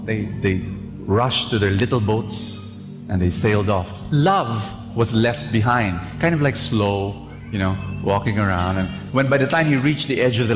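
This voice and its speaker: Slow-speaking priest in an echoey basilica. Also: male voice, lowish voice. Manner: storytelling, repetitive restarts. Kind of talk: sermon at mass. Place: large church. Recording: echoey basilica, loud music.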